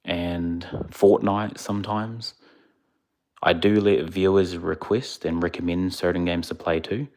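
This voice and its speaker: A man's voice: deep voice, fairly even intonation, unhurried, darkish tone. A man casually chatting on a livestream, laid-back and rambling, a little sleepy. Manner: laid-back, rambling, answers chat questions. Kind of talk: casual live-stream chat.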